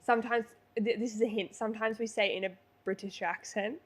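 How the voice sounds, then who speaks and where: A woman's voice: on the high side, fairly even intonation, quick pace. A young woman in her twenties with an Australian accent, chatting playfully as a podcast co-host. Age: 20s. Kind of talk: casual chat.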